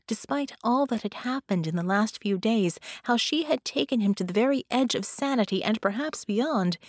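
A woman narrating a dramatic superhero audiobook in a measured, storytelling manner. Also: a little high, lively intonation, no room sound, studio quality.

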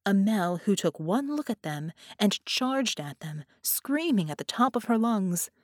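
A woman's voice: medium pitch, big pitch swings, measured pace, no echo. Woman narrating an audiobook, dry close sound.

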